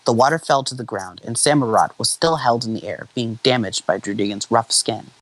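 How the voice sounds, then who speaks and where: A man's voice: mid-range voice, fairly quick, fairly bright tone, no room sound, poor audio. A young man casually reading fanfiction aloud to friends, often stumbling over names and restarting lines. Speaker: fanfiction reader.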